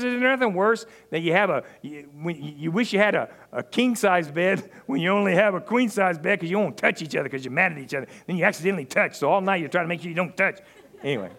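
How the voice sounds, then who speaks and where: A middle-aged man, a pastor preaching and telling humorous personal stories. He swings between loud preaching and hushed, confiding asides. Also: a little high. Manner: humorous storyteller. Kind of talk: sermon with personal storytelling.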